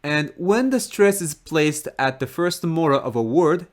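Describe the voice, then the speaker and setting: A man with a Japanese accent who speaks Japanese as his first language, explaining a language point in a careful teaching manner and repeating example words slowly. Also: on the high side, expressive. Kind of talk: slow, careful lesson explanation.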